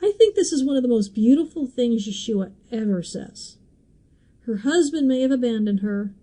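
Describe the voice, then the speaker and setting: A woman's voice: on the high side, expressive, moderate pace, dark tone, poor audio. A woman hosting a podcast and teaching through a Bible passage, in a chatty, emotional way with asides and small laughs.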